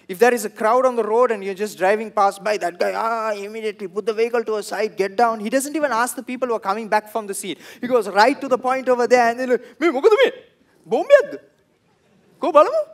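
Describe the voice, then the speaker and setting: A young man with a Sri Lankan English accent performing a stand-up comedy set, telling stories and acting out the people in them in loud bursts. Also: sits high, fast, few pauses. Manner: animated storytelling, acts out quoted people in loud bursts.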